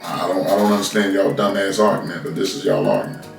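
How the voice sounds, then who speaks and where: Gravelly man ranting into a phone. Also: low voice, big pitch swings, fast, faint music behind. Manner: blunt, scolding, repeats words when starting. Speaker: commentary host. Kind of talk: unscripted political rant. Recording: roomy, from a distance off the mic.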